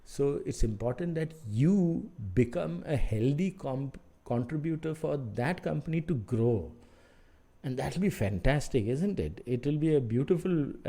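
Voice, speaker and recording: A man's voice: mid-range voice, warm tone. A middle-aged man with an Indian English accent gives career advice as an architect mentor, talking frankly with many fillers and restarts. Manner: rambling, halting with fillers, frank and mildly sarcastic. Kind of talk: advice talk to camera.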